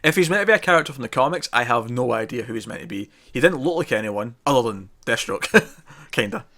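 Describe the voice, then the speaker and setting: A man's voice: mid-range voice, lively intonation, fast, sharp tone. Rambling man chatting about TV. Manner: rambling, self-correcting, laughing often. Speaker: podcast co-host reviewing TV. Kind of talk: casual review chat.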